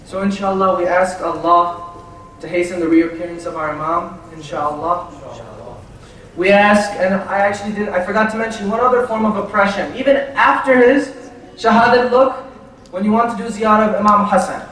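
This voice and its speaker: A man's voice: sits high, steady tone, normal speed, fairly bright tone. A man giving a religious lecture, telling stories and acting out the dialogue with animation. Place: large hall at a community center. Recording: echoey hall, mic from a distance.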